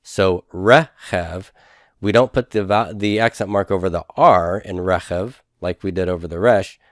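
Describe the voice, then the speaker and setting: Methodical low-voiced male teacher, dry. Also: dry recording. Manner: methodical, repeats terms slowly for students. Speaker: Hebrew instructor. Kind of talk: recorded lecture over handouts.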